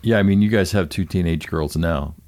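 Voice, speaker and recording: Low-voiced man hosting a chat. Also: a little fast, a little mellow. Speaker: host. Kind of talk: casual conversation.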